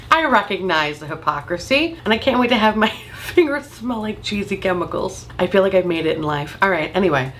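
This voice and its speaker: A woman, a beauty vlogger chatting to camera in an animated way, swearing freely and laughing often. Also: medium pitch, brisk, slight background noise. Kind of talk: casual chat to camera.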